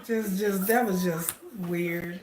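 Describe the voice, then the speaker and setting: A woman hosting a reaction video, talking in an animated, exclamatory way and repeating words as she comments on what she watches. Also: lowish voice, slow pace, echoey room.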